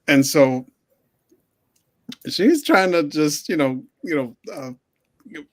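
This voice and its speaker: A man, a guest on a talk show, telling a story with many pauses and restarts. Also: on the high side, expressive. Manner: hesitant, many fillers and restarts. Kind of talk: casual storytelling.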